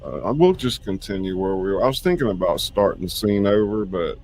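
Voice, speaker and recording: A man's voice: lowish voice, expressive, a little fast, darkish tone, faint music behind. A man hosting and narrating a radio-play reading, chatting casually and rambling with lots of fillers. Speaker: host and narrator. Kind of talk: casual chat and script narration.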